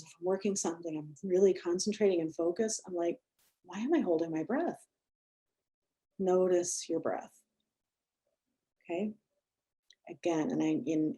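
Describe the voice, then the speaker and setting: A middle-aged woman, a mindfulness and yoga instructor, guiding breathing and chatting gently and self-deprecatingly to a group over a video call. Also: on the low side. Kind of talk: guided breathing and casual talk to a group.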